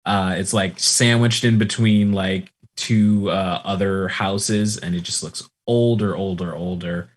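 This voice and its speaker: A man narrating as game master of a tabletop role-playing game, relaxed and rambling with many fillers. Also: low voice, a little slow, few pauses.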